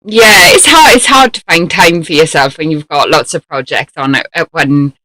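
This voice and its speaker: A young woman hosting a casual talk show interview, chatty and quick to laugh, with trailing asides. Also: sits low, animated, a loud crowd, low-quality recording.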